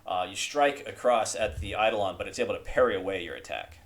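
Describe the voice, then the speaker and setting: Brief: low male game master, casual, reads rules quickly, easy chuckles. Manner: casual, rattles through rules text, chuckles often. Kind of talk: running a tabletop game.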